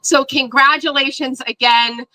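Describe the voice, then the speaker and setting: A woman's voice: high-pitched, steady tone, measured pace, pushed and bright, no echo, rough recording. A woman county executive giving an emotional, fervent rally speech. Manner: emotional, fervent public speaking.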